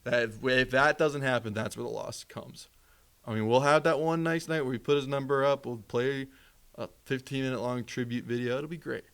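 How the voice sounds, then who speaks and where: A man co-hosting a casual sports podcast, talking fast, repeating himself and jumping up in pitch when he gets worked up. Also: steady tone, fairly bright tone, smooth. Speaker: podcast co-host.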